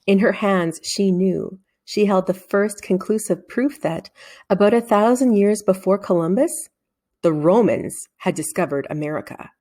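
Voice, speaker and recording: A woman reading a children's novel aloud in an expressive storytelling manner, shifting into character voices. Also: mid-range voice, unhurried. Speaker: reader. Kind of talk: children's book read-aloud.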